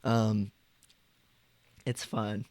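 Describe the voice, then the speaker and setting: A man's voice: lowish voice, little pitch movement, very slow, darkish tone, dry recording. A man on a live stream, chatting casually and explaining voice technique, trying out different vocal registers.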